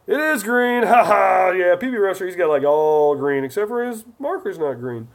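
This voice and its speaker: A man's voice: high voice, animated, moderate pace, vocal fry, few pauses. A man hosting a casual live stream, chatty and jokey as he reads viewer comments aloud.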